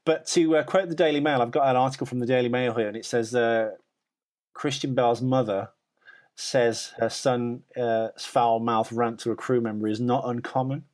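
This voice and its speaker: A man's voice: mid-range voice, steady tone, normal speed, a little mellow. A man co-hosting a podcast, talking casually and rambling with frequent restarts and filler sounds. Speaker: podcast co-host.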